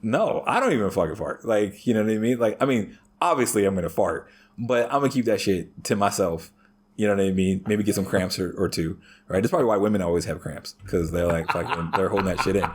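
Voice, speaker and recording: Husky-voiced guy ranting and swearing, crude stories, casual chat. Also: on the low side, fast talker. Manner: crude, heavy swearing, animated storytelling. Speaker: podcast guest.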